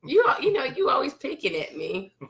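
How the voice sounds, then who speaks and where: A woman co-hosting a couples talk show, chatting casually in a lively storytelling way, repeating words as she goes. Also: sits high, normal speed. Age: adult parent. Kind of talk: casual chat.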